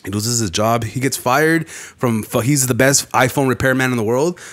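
A young man co-hosting a casual podcast, telling rambling, profane stories with animated energy. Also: mid-range voice, moderate pace. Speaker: podcast co-host. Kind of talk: casual chat.

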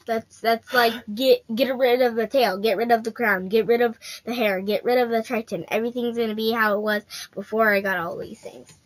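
A woman's voice: fairly high pitch, steady tone, brisk, few pauses. A female gaming host giving casual, playful commentary straight to her viewers while she plays.

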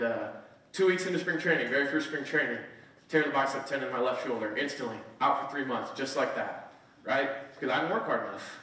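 Young male speaker, twenties, earnest motivational storyteller; mid pitch; boomy hall, mic set back. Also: fairly bright tone. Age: 20s. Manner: earnest storytelling, frequent "right?". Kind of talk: motivational speech. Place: conference hall. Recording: echoey hall, mic at a distance.

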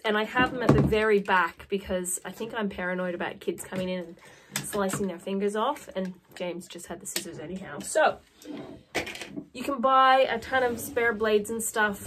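A woman's voice: medium pitch, noisy background. A woman in her thirties with an Australian accent, chatting to camera in a rambling, self-mocking way. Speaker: vlogger. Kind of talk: casual chat to camera.

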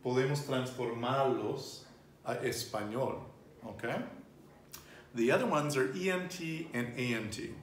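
A man's voice: mid-range voice, measured pace, slight background noise. Chatty man teaching in a roomy room. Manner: chatty, loose, laughs easily, restarts and digresses. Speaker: Spanish teacher. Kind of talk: casual language lesson. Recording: roomy home recording, faint ambience.

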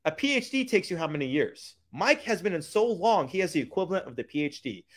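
A man giving a hyped motivational business pitch, using street slang and repeating lines for emphasis. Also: very animated, fast talker, a bit bright. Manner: hyped, keeps calling out to "guys". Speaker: business coach.

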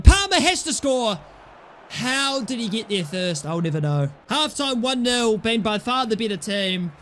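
A man's voice: sits high, a bit bright, slight background noise. Frustrated young man ranting at a game. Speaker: gaming YouTuber. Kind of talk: football game commentary.

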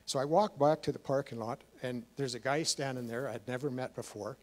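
A man's voice: mid-range voice, fairly quick. A man giving a rambling, emotional personal testimony to a church, with many fillers and restarts. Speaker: guest speaker.

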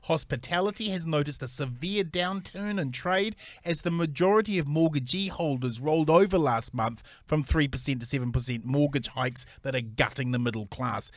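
A man's voice: medium pitch, no room sound, studio quality. A man hosting a political podcast panel, teasing his guests in a mock-grand manner. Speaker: podcast host.

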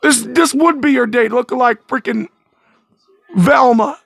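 Young guy, very high voice, gravelly and husky, dry close phone mic, goofy rambling game commentator who stammers and repeats lines. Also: unhurried, a bit bright, no room sound. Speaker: gameplay commentator. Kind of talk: playful let's-play commentary. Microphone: phone mic from screen recording.

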